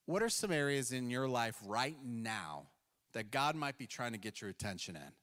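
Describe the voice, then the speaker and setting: A man's voice: medium pitch, sing-song, moderate pace, fairly bright tone. A male pastor preaching a sermon in a conversational storytelling way, acting out quoted voices along the way. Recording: long hall reverb.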